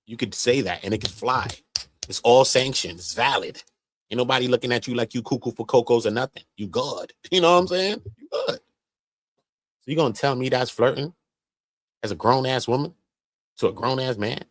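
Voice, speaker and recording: A man's voice: medium pitch, normal speed, no echo. Slangy man riffing on a live stream. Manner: animated, slangy, mocking impressions. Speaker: live commentary host. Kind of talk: casual commentary on a live stream.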